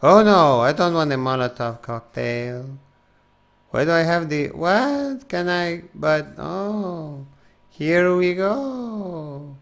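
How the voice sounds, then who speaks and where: A man chatting casually on a live game stream with unhurried, self-mocking banter. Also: fairly high pitch, lively intonation, vocal fry, a bit bright.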